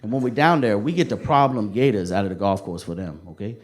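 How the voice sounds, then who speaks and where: A man's voice: lowish voice, a little mellow, close to an everyday voice. A man doing a drawling Southern gator hunter. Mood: folksy. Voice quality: sweet sultry drawl. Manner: folksy, explains slowly, keeps saying okay. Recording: noisy live club recording.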